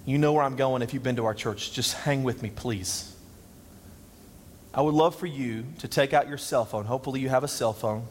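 A man's voice: mid-range voice, normal speed, slight background noise. A man preaching a sermon as pastor, conversational and self-deprecating. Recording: long reverb.

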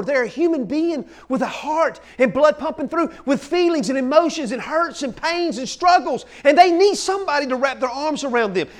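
High-voiced excitable pastor. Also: male voice. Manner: excitable, shouting bursts, folksy "man" fillers. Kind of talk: energetic sermon.

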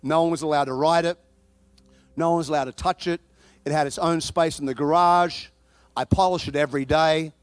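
Guy preaching a sermon, high voice, gets loud and animated telling stories, dry close sound. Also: brisk, clear, resonant tone, no room sound. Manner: animated storytelling, bursts into shouting.

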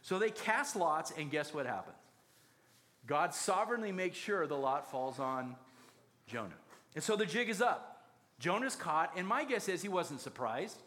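A man's voice: sits high, expressive, moderate pace, bright, forceful tone. A man preaching a sermon, telling the story with jokes and acted-out quotes. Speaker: pastor.

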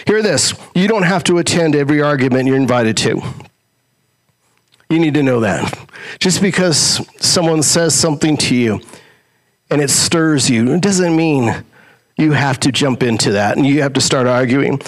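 With lively intonation, a pastor preaches a sermon and asks rhetorical questions. He moves back and forth between quick, elevated lines and slow, low ones.

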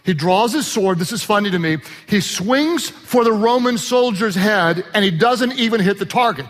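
High-voiced male pastor preaching in a reverberant hall. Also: normal speed. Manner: animated preaching with shouted emphasis and joking asides. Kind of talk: sermon. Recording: long reverb of a large hall.

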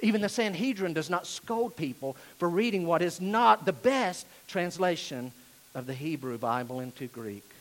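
A high-voiced male pastor with a drawl delivers a sermon. He leans hard on key phrases, then drops to quiet, confiding asides. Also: expressive, normal speed, low-quality recording. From Asheville, North Carolina, USA. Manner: emphatic, swings between loud declarations and hushed asides.

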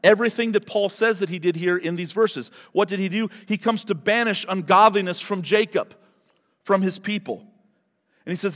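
A man's voice: sits high, fairly bright tone, long reverb tail. A man preaching a verse-by-verse sermon as pastor, talking in a conversational, emphatic way and repeating words for stress. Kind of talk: expository sermon.

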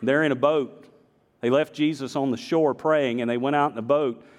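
Pastor with a slight Southern accent. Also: male voice, mid-range voice, steady tone, moderate pace, long reverb tail. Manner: emphatic preaching, swinging to quiet storytelling asides. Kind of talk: sermon. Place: church sanctuary.

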